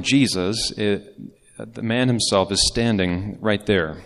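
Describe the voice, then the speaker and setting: A man's voice: on the low side, takes it slowly, gravelly. A man preaching a sermon as pastor, in a conversational way with casual asides. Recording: long reverb of a large hall.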